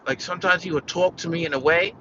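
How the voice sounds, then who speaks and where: A man's voice: on the high side, fast talker, fairly bright tone, highs cut off, a little hiss or hum. An American man venting in a casual, rambling vlog rant, peppered with "like" and "you know" and swearing. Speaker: vlogger.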